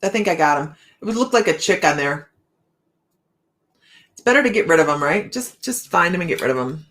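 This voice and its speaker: A woman's voice: fairly low pitch, lively intonation, a little fast, a bit bright. A woman hosting a live tarot stream, chatting casually with viewers, greeting them by name and laughing often.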